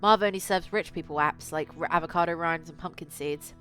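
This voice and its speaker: A woman voicing a friendly, curious tattooed man while reading visual novel dialogue aloud in her own lowish voice. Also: fairly quick, fairly bright tone, soft background music.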